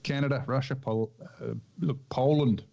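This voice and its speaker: A man's voice: mid-range voice, fairly even intonation, normal speed, creaky, darkish tone, dull audio. A man co-hosting a podcast, chatting in a rambling, loose way and laughing often. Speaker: podcast co-host. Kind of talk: casual chat.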